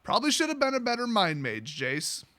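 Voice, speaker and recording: A man's voice: extremely high pitch, wildly swooping pitch, a little fast, bright, forceful tone. A man mockingly recapping a fantasy story, with crude, sarcastic jokes. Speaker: host.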